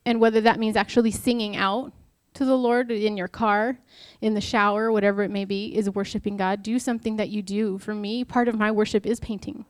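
A woman's voice: medium pitch, flat delivery, fairly quick, hardly any pauses, no echo. Young woman giving a casual devotional talk, chatty and candid, dry close sound. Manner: chatty and candid, with many fillers and rhetorical questions. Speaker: speaker at a church talk. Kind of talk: informal devotional talk with personal stories.

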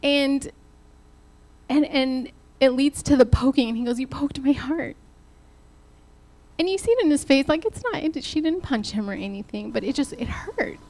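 Woman preaching, upbeat and conversational, slightly high voice, talks right to the church. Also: normal speed. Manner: animated, laughing while retelling, addresses the church directly. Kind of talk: sermon.

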